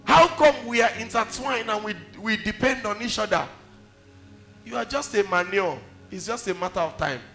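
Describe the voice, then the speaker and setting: A Nigerian-accented man preaches in a high, bright, forceful voice. He tells stories with emphasis and fires off rhetorical questions at the congregation. Faint music plays underneath. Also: normal speed, gravelly. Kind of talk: sermon.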